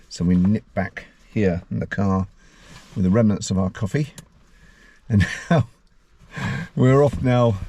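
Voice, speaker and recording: A man's voice: sits low, warm tone, slight background noise. A man narrating his own road-trip vlog in a chatty, jokey way, mixing casual remarks with read-out facts. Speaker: travel vlogger.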